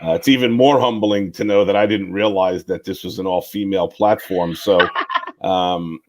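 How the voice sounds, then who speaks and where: A man with a very low voice speaks as a guest on an online show. He is courteous and modest, thanking the host and speaking in an even, conversational way. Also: moderate pace. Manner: polite, modest. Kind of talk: interview conversation.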